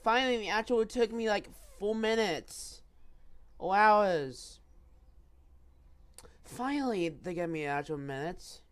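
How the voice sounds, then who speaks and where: A woman's voice: medium pitch, animated, a little slow, pauses often. A woman recording herself playing an online VR game, joking around and trash-talking other players in casual chat. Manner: joking trash talk with repeated phrases.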